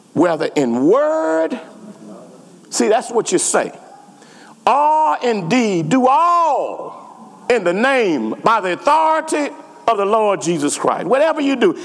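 A male pastor delivers a sermon with a high, wide-ranging voice that swings up and down. A rough, gravelly texture runs through his speech as he repeats phrases and urges his congregation on. The sound rings with the long reverb of a church sanctuary. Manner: repetitive call-and-response preaching.

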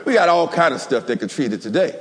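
Animated preacher man in a reverberant hall. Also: fairly high pitch, fast talker. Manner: animated, call-and-response, plays jokey role examples. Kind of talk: lively sermon with humor. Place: church. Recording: long reverb of a church hall.

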